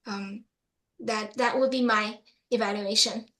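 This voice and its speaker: A woman's voice: fairly high pitch, steady tone, a little slow, fairly bright tone, slight background noise. Hesitant woman evaluator, echoey room. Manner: hesitant, many fillers. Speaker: speech evaluator. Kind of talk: meeting feedback speech.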